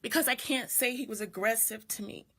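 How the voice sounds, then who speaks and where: A woman's voice: a little high, fairly quick, pushed and bright. Middle-aged woman telling a personal story. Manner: reflective, greets viewers mid-story. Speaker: doula and video host. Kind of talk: personal storytelling on a live stream.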